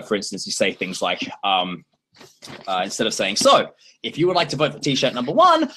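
A man from Australia in his thirties, hosting a casual livestream chat with jokey, playful asides. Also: mid-range voice. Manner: animated, jokey, playful broken-English bits. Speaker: livestream host.

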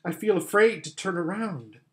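A man's voice: high-pitched, moderate pace, voice pushed up, close to an everyday voice. A man voicing a cautious older girl in a storybook reading, speaking in a hesitant, shaky way. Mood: worried. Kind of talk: audiobook character voice.

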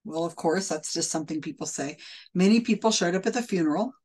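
A woman with a somewhat low voice talks through recorded readings in casual, skeptical commentary. She speaks conversationally, full of fillers and quick restarts. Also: darkish tone, breathy edge. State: hiccups. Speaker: commentator reviewing a psychic's readings.

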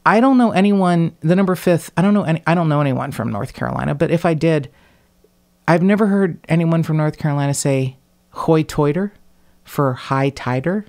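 A woman's voice: sits low, a little fast, a little mellow. Blunt, sarcastic Midwestern woman host. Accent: Midwest General American. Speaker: podcast host. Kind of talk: casual podcast chat.

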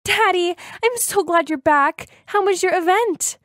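A woman's voice: high-pitched, lively intonation, moderate pace, dry recording, clean studio sound, voice pushed up. A woman voicing a scheming, bratty teenage half-sister in a sugary, wheedling way.

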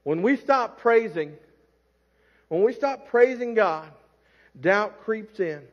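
A middle-aged man preaching a sermon as pastor, swinging between loud calls and quiet asides. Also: sits high, animated, slow. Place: church sanctuary. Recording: dull lo-fi church recording with long reverb.

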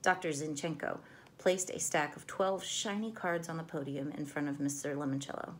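A woman reading a chapter book aloud to children in a gentle, clear storytelling voice. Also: low voice, fairly even intonation, normal speed, a little hiss or hum.

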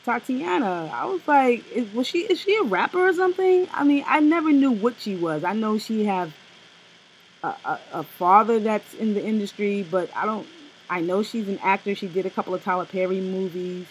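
A woman co-hosting a casual review chat, blunt and animated, with slang and profanity. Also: mid-range voice, moderate pace, slight background noise, low-quality recording. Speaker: co-host reviewing a TV special.

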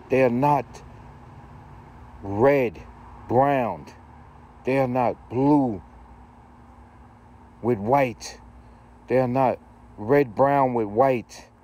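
A man's voice: mid-range voice, mellow. A man, a dog breeder, ranting casually to camera in an emphatic way, repeating his points and using street slang.

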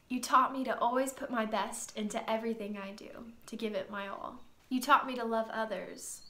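A young woman giving a heartfelt birthday tribute to her father, reading from a list with soft laughs and a slightly tearful voice, in a sunroom at home. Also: on the high side. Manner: tender, reading from notes with frequent soft laughs. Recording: roomy echo in a sunroom.

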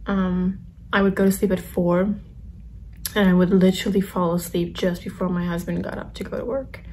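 A young woman telling a personal story to camera while eating, in a soft, halting, confessional way with many pauses and ums. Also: lowish voice, flat delivery, a little hiss or hum. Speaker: vlogger.

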